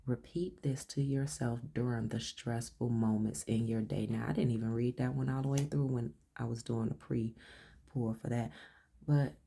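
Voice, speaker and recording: A woman giving a casual tarot card reading, blunt and slangy, who swears freely and sometimes swings playfully into a higher voice. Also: fairly even intonation, normal speed, gravelly, mellow, breathy edge. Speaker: tarot reader.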